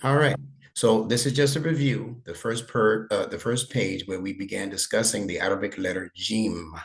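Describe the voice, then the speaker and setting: Low gravelly male tutor, encouraging. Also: moderate pace. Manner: patient, encouraging, praises often. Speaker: instructor. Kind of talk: online tutoring lesson. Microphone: video call.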